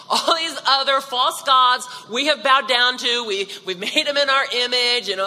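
A woman's voice: sits high, moderate pace, few pauses, sharp tone, long reverb tail. A woman giving a devotional talk in a casual, joking manner, with many asides to listeners. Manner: chatty, joking, many "you know" asides. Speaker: devotional speaker.

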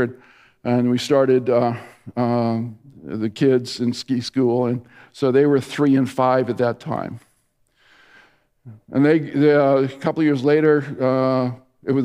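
A man's voice: medium pitch, darkish tone. A middle-aged male pastor giving a sermon, telling stories with many restarts and fillers. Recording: long reverb of a large hall.

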